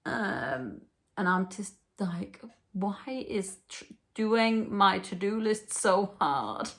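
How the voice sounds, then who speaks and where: A woman's voice: mid-range voice, expressive, drawn-out words, rough recording. A young woman in a casual reading vlog, talking chattily and with self-mocking humor from home into a handheld camera. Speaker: book vlogger.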